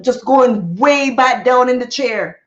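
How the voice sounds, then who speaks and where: A woman hosting a livestream, telling a story to her chat in an animated, expressive way with sound effects. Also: a little high, slow, lo-fi sound. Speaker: livestream host. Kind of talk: casual storytelling to a live chat.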